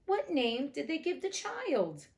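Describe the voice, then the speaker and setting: A woman's voice: high-pitched, huge pitch swings, takes it slowly, darkish tone, pitched above the performer's own voice, full character voice. A woman voicing a good, trusting, naive mouse in a storybook reading, earnest and puzzled. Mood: curious.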